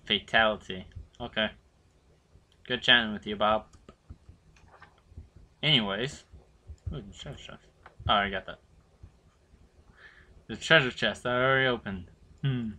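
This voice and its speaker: A teenage boy hosting a horror game playthrough, chatting to viewers in rambling asides and swearing loudly when startled. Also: on the low side, moderate pace, pauses often. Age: teens. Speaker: gaming channel host. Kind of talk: horror game let's play commentary.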